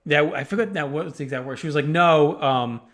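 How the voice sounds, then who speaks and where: A man's voice: on the high side, very fast. A man co-hosting a podcast, telling a story in casual chat, with lots of fillers and swearing. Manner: animated, swears freely, many fillers. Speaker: podcast co-host.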